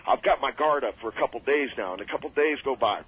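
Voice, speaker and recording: A man telling road stories as a guest on a radio show, rambling and animated, laughing at his own tales. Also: medium pitch, fast, a little hiss or hum. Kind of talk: casual radio interview storytelling. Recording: muffled old radio broadcast.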